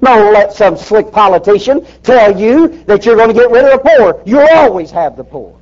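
On a dull lo-fi recording, a preacher with a high, expressive, darkish-toned voice speaks at normal speed. He delivers a fiery sermon in an emphatic, folksy style, hurling rhetorical questions at the congregation.

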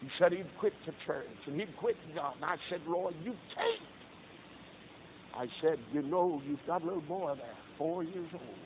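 A man's voice: on the high side, sing-song, moderate pace. A man preaching, telling a story in a folksy way that rises to impassioned cries. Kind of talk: sermon illustration storytelling. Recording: tinny lo-fi line with faint hiss.

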